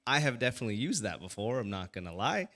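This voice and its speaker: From the stage, a male pastor gives a casual teaching talk to his church audience. His bright, forceful, mid-range voice moves at a quick pace, and he stays animated while tripping over fillers and restarts.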